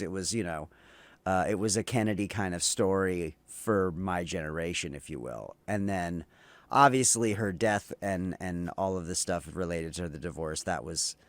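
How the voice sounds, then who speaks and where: A man in his fifties with a lowish voice, speaking in a measured, reflective way with a few fillers. His mic is close and dry. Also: no room sound. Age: 50s. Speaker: podcast co-host. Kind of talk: casual chat.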